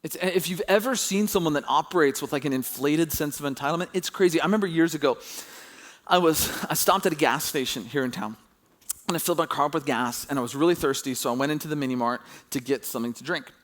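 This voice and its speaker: A man preaching a sermon as pastor, telling a story with animated, rising emphasis when excited. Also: a little high, fast.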